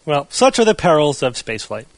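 A man's voice: a little high, very animated, fairly quick, dry recording. Dry-sounding man hosting news chat. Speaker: podcast host.

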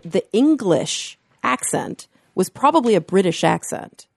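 A woman's voice: medium pitch, very animated, a little slow, creaky, darkish tone, husky, dry recording. Woman musing in a dry close sound. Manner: musing, loosely phrased questions. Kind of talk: casual panel chat.

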